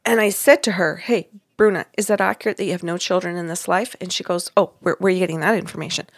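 A podcast host who also works as a psychic reader chats casually, retelling a reading and animatedly acting out the quoted dialogue. She has a lowish voice and talks fast, and the studio-quality recording carries no room sound.

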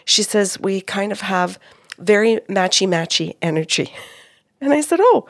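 Gravelly-voiced woman telling a story. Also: mid-range voice, moderate pace, no echo, clean studio sound. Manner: animated, quotes spirits and clients, laughs often. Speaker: psychic medium, co-host. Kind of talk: storytelling about a reading.

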